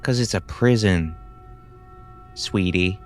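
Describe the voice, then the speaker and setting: A man's voice: low voice, slow, soft background music, pitched below the performer's own voice. A man voicing a hard-bitten young woman, a smoking gangster's moll who talks tough and calls people kid. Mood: cool.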